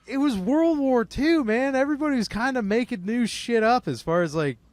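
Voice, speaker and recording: A man's voice: very high voice, animated, moderate pace, darkish tone, dry recording. A man co-hosting a casual comedy podcast, loose and profane, laughing often and slipping into joke voices. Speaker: podcast co-host.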